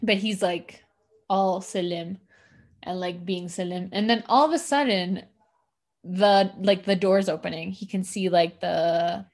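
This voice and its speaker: A woman's voice: fairly low pitch, measured pace, darkish tone. A woman co-hosting a podcast, chatting casually through a TV episode recap, full of "like" fillers and acted-out lines. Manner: chatty, lots of "like" fillers, acts out characters' lines. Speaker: podcast co-host.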